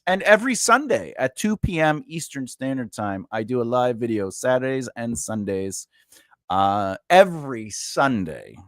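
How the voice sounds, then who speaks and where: A man hosts a casual live stream, rambling through his thoughts with lots of fillers and restarts. His pitch jumps around in a lively, animated way, and he often breaks into playful laughs. The sound is dry and close, with no room echo. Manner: chatty and rambling, with many fillers, repeats and asides; playful, laughs often and reacts to the viewer chat. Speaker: writing coach hosting a live stream.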